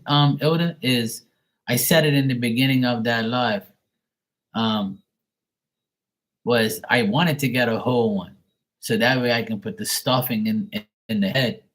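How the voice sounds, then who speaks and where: Dude on a livestream just chatting, cussing a lot, talks back to commenters. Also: male voice, mid-range voice. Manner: profane, blunt, talks back to viewers. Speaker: livestream host. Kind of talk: casual livestream chat.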